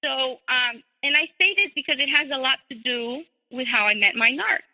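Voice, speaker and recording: Woman guest telling her story, high and really bright voice, lots of ums, echoey call sound. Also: animated, dull audio. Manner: measured, many ums and restarts. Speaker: interview guest. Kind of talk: personal storytelling.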